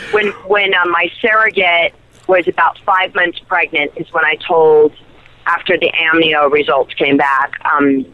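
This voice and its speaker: A woman's voice: on the low side, no room sound. A woman, an actress guest, telling a personal story in a chatty, giggly way with lots of fillers, heard over a phone line. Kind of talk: casual chat.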